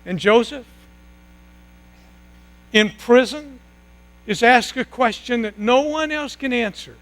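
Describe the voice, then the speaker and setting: A man preaching a sermon, retelling a story dramatically with long pauses and sudden hushed drops. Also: extremely high pitch, poor audio. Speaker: pastor.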